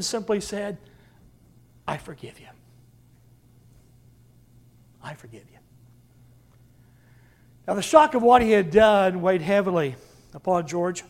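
A man preaching a sermon with dramatic swings from loud to hushed. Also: sits high. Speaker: pastor.

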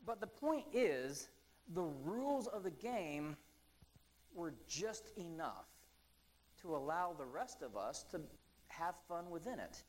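A man delivers a relaxed, conversational sermon in a slightly higher-than-usual voice, with plenty of ums and asides. He slows down when he reads scripture aloud. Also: low-quality recording. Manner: casual and chatty, with frequent ums and asides. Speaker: preacher.

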